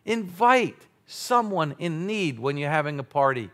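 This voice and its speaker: A male pastor preaching a sermon, playful and animated, with sudden loud exclamations. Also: a little high, measured pace.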